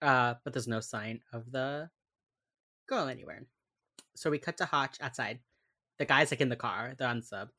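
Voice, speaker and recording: A young woman co-hosting a casual chat, recapping a TV episode and acting out quotes with sudden loud bursts. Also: a bass voice, moderate pace, long pauses. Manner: chatty, acts out quotes with sudden yells. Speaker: podcast co-host recapping a TV episode.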